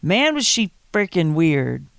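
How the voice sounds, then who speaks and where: A woman's voice: sits low, sing-song, slow pace, vocal fry, smooth, no echo. A heavily pregnant woman co-hosting a podcast from bed at home, candid and outspoken in casual chat. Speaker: podcast co-host. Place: bedroom at home.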